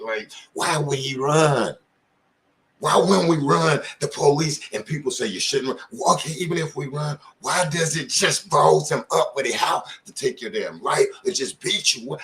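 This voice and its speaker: A man's voice: a little high, sharp tone. Impassioned middle-aged man, host. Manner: impassioned, asks many pointed questions; informal street talk. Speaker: channel host. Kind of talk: casual commentary to camera.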